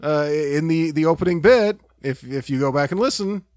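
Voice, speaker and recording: A man's voice: on the high side, normal speed, dry recording, clean studio sound. A man co-hosting a casual movie podcast, jokey and swearing freely. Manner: animated, jokey, swears freely, does mock voices. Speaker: podcast co-host. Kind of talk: casual movie review chat.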